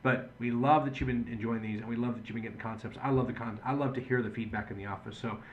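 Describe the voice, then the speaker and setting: A man's voice: mid-range voice, fairly even intonation, quick pace, phone-quality sound, slight background noise. Earnest man explaining to patients. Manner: earnest, conversational storytelling. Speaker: chiropractor. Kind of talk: patient education video talk.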